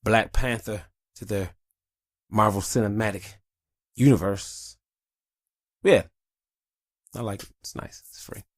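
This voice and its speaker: A man's voice: fairly low pitch, steady tone, slow pace, long pauses, no echo, studio quality. A tired man hosting a podcast in casual, rambling, profane chat. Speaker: podcast host.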